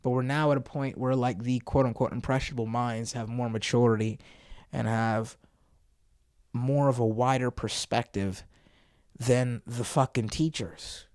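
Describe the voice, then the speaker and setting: A man's voice: medium pitch, steady tone, unhurried, darkish tone, no echo, studio quality. A man hosting a commentary video, reacting to a clip in a blunt, profane, sarcastic way. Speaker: host.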